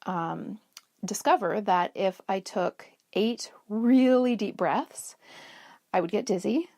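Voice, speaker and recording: A middle-aged woman talks casually to her listeners about self-care, chatty and a little rambling. Her voice has a gravelly, fry-tinged edge at a medium pitch. She sounds close and dry, with no room around her. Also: slow, darkish tone, dry recording. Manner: chatty, storytelling, restarts mid-sentence. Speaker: podcast host.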